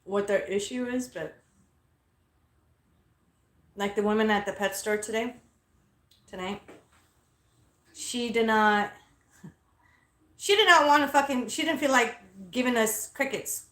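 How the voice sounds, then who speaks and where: A woman's voice: fairly high pitch, measured pace, long pauses, fairly bright tone, roomy sound. A young adult woman hosting a casual vlog, telling a story in a blunt, profane, indignant way. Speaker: host. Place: inside a car.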